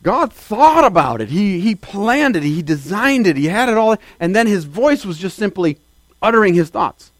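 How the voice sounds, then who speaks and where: A man delivers a sermon in a loose, conversational way, tossing rhetorical questions to the congregation. His voice sits a little higher than most men's, and it lifts sharply when he stresses a point. The sound is dry and close, with little room echo. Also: sing-song, normal speed. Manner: conversational preaching with rhetorical questions and sudden emphatic rises. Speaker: preacher.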